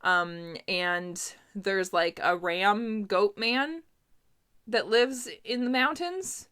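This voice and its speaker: Bright, chatty young woman. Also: mid-range voice, very slow, clean tone. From Canada. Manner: chatty, laughs often, lots of fillers. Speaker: booktuber. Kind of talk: casual book review chat.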